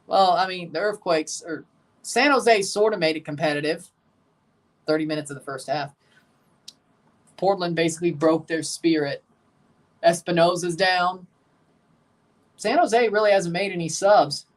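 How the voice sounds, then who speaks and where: A man's voice: high-pitched, unhurried, pauses often, far from the mic. Southern man chatting through a livestream. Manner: chatty, responding to chat, calls out match minutes. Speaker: livestream host reacting to a soccer match. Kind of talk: casual live watchalong chat.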